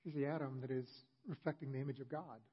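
A man's voice: medium pitch, fairly even intonation, fast talker, slightly rough, lo-fi sound. A male pastor giving a sermon in a conversational storytelling manner with humorous asides.

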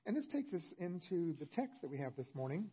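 A male pastor preaches with a husky, slightly high voice, telling the story in a relaxed, conversational way with light humorous asides. The recording is dull and lo-fi. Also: brisk. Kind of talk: sermon.

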